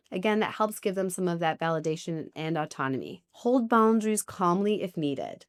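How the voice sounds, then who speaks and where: A woman therapist with a fairly low voice talks in a calm, measured way. She sets out her advice point by point and keeps an even, steady delivery.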